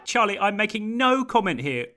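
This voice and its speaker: A man's voice: high-pitched, big pitch swings, normal speed, noisy background. A man hosting a football podcast, chatting in a wry, dry-humored way and steering the talk. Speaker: podcast host. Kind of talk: casual chat.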